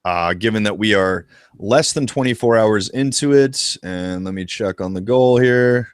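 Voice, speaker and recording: A man co-hosting a casual live discussion about a video game, talking in an excitable, profane and animated way. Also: on the low side, a little slow, clean tone, no room sound, clean studio sound. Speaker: co-host of a retro gaming show.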